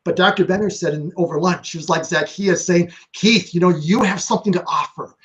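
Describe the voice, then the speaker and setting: Earnest guy hosting an interview, lots of you-knows, highish voice, muffled audio. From Minnesota. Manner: earnest, many "you know" fillers. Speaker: podcast host. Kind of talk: interview conversation.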